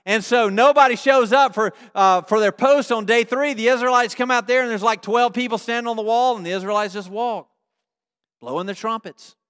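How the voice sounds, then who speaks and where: A male pastor giving a sermon, telling a story with animated energy and checking in with his congregation through questions. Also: very high-pitched, a little fast, clear, resonant tone. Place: church. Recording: long reverb of a large hall.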